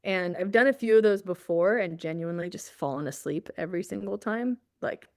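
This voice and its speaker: A woman's voice: fairly low pitch, brisk, dry recording, studio quality. A woman guest on an interview show, telling a personal story in a casual way, often laughing and acting out her own thoughts. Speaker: guest, journalist.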